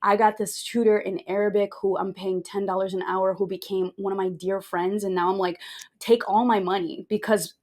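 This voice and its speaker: Woman from Brazil, podcast guest, candid, jokey storyteller, animated swings in tone. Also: mid-range voice, moderate pace. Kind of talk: casual interview storytelling.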